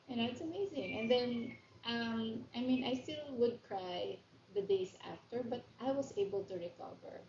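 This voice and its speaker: A woman's voice: on the high side, a little slow, a little mellow, slight background noise. A woman with a Filipino accent hosting a live stream from home, talking candidly and confidingly, laughing often and slipping into Tagalog words. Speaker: livestream host. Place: room at home. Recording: roomy, slightly dull sound.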